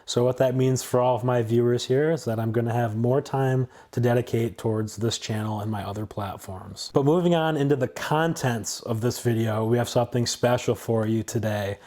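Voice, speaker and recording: A man in his twenties, the host of a channel, giving a blunt, opinionated and somewhat halting casual film review. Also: medium pitch, a little mellow.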